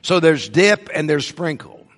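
A man delivers a sermon at an unhurried, deliberate pace, leaning on the words he wants his listeners to catch. His voice sits a little high for a man. The sound carries a long reverb, as in a large hall. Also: big pitch swings, fairly bright tone. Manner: slow, deliberate teaching with emphasized words. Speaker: preacher.

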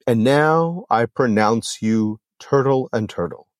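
A man doing a slow, solemn turtle officiant. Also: medium pitch, no room sound, lightly acted. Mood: ceremonious. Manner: slow, ceremonial.

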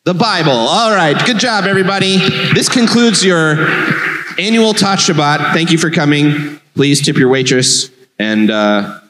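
A man's voice: fairly high pitch, lively intonation, a little slow, a bit bright, a little hiss or hum. A man, a rabbi, giving a playful children's sermon and asking the children questions. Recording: long hall reverb.

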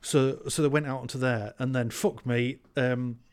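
A man's voice: mid-range voice, fairly even intonation, moderate pace, a little mellow, clear, resonant tone. A man recapping a film in a rambling, hesitant way, full of ums and crude jokes. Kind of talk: casual film chat.

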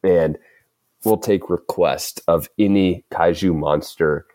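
Brief: male podcast host with a deep voice, easygoing and chuckly, dry booth sound. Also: fairly even intonation, takes it slowly, dark tone, no echo. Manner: laid-back, filler-heavy, chuckling. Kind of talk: casual podcast chat.

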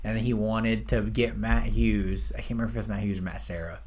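A man co-hosting a casual podcast chat, excitable and laughing often. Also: fairly low pitch, fairly quick. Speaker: podcast co-host.

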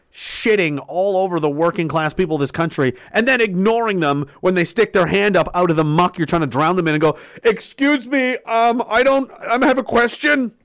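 A man delivering an angry political rant full of profanity and sarcasm, breaking into shouted outbursts. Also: sits high, clean tone, no echo, clean studio sound.

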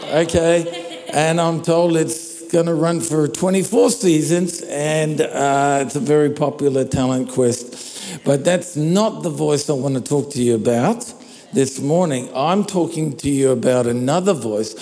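A male pastor delivering a sermon in an unhurried, talky manner, his voice fairly high for a man but soft and mellow. The microphone picks up the long reverb of a big church hall around him. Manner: conversational, checks in with "all right?". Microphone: handheld or stand microphone.

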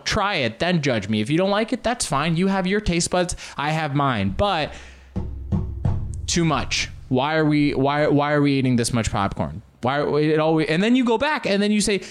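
A man telling casual, rambling stories on his own show, often jumping into loud comic impressions. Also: on the high side. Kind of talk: casual solo storytelling.

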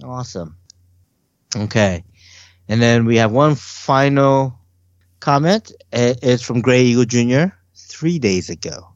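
A man's voice: medium pitch, expressive, unhurried, no echo, highs cut off. A man co-hosting a casual podcast, reading listener comments aloud and laughing often.

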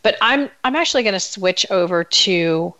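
A woman's voice: medium pitch, lively intonation, moderate pace, sharp tone. A woman hosting a podcast, upbeat and agreeable in casual talk. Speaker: podcast host. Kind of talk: casual chat.

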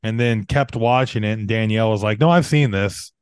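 A laid-back podcast co-host, a man with a smooth, clear voice. He drops dry jokes and stalls on "uh" as he gathers his thoughts. The sound is close and dry. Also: fairly low pitch, a little fast, no echo. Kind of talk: casual chat.

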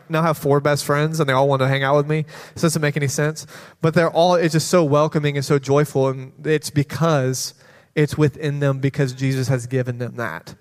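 Animated man telling church stories. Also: on the high side. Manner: animated storytelling with quoted voices and laughter. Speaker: children's pastor. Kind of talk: sermon testimony. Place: church sanctuary. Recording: long hall reverb.

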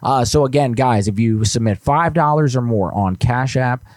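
A man's voice: medium pitch, moderate pace, no room sound, studio quality. A man hosting a live call-in stream, reading donations and swearing casually. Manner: loose, swearing, excitable. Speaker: show host.

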